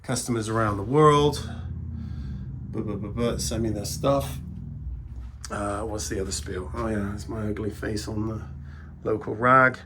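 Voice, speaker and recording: A man's voice: fairly low pitch, steady tone, a little slow, long pauses, background noise. Blunt, chatty English man. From England. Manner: blunt, chatty, ranting asides. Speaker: video transfer shop owner. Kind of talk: casual workshop vlog. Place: his shop indoors at night.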